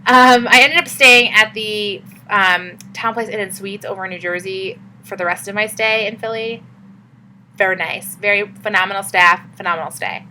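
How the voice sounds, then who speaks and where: A woman's voice: mid-range voice, normal speed, bright, forceful tone, slight background noise, low-quality recording. A young woman vlogging in a casual, chatty and upbeat way, with many fillers. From Massachusetts. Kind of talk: casual vlog talk.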